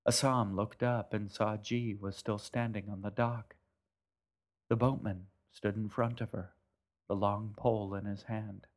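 Slow, low-voiced male narrator. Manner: calm, measured storytelling. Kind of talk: scripted narration.

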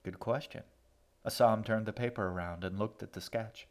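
A man narrating a story in a brisk, even audiobook reading. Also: fairly low pitch.

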